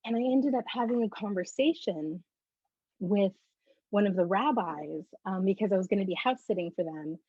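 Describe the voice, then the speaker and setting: A woman guest giving a personal faith testimony as an animated storyteller who acts out the conversations she recounts. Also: medium pitch, moderate pace, no room sound. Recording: muffled lo-fi dry recording.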